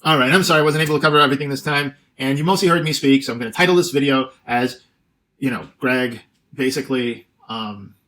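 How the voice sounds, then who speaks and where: A man's voice: mid-range voice, quick pace, bright, forceful tone. A man talking through his commentary in a loose, rambling way, full of fillers and restarts. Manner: rambling, hesitant, with many fillers. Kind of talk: casual commentary monologue.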